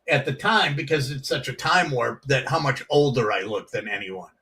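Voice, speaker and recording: A man's voice: medium pitch, expressive, normal speed, pushed and bright, far from the mic. A middle-aged man, a guest comedian, telling rambling anecdotes on a chat show and acting out the quotes.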